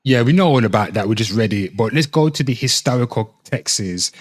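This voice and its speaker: A man's voice: mid-range voice, animated, brisk, no room sound, studio quality. A man from Britain reading a news article aloud in a casual reaction video, breaking off with swearing asides and addressing viewers. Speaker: commentary host.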